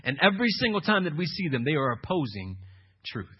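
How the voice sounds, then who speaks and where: A man preaching a sermon as pastor, swinging from loud emphatic declarations to low, intense asides. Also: big pitch swings, fairly quick, breathy edge. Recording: muffled lo-fi sermon recording.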